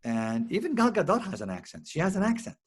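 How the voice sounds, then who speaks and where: A man's voice: high-pitched, quick pace, slightly rough. A man from Israel, a native Hebrew speaker, talking animatedly as an actor and director being interviewed, often restarting his sentences. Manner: animated, expressive, many restarts. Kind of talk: casual interview conversation.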